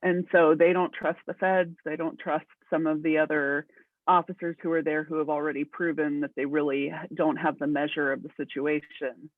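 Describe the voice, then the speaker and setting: A man, a pastor, talking casually on a podcast in a thoughtful, measured, hedging way. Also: fairly high pitch, level tone, no echo. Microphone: video call. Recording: dry, tinny call audio.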